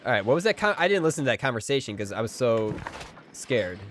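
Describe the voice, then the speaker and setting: A man livestreaming a video game, commenting casually and excitedly, joking and talking to his chat. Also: mid-range voice, quick pace, slight background noise. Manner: excitable, jokey, talks to chat. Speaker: game streamer. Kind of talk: casual live gameplay commentary.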